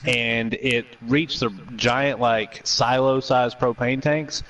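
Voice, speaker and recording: A man chatting casually, telling stories with animated, profane energy. His voice sits at an ordinary middle pitch. The recording sounds dull and lo-fi. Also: takes it slowly, far from the mic. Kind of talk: casual chat.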